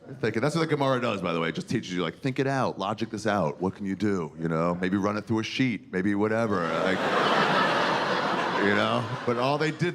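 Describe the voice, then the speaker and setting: A man in his forties doing a crude, animated stand-up comedy set on a theater stage, acting out characters as he tells stories. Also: on the low side. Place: theater stage before a live audience. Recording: noisy live room with audience laughter.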